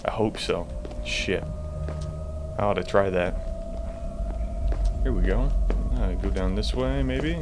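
A man's voice: low-pitched, takes it slowly, long pauses, background noise. Jumpy, swearing man playing a horror game. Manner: jumpy, profane, talks to himself. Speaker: gamer.

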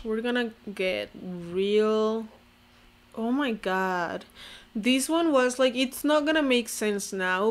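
A young woman with a touch of vocal fry talks casually to camera, wry and self-deprecating. She is from Mexico and peppers every thought with "like". Her voice sits at an ordinary middle pitch for a woman. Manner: sarcastic, self-mocking, heavy use of "like". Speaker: vlogger.

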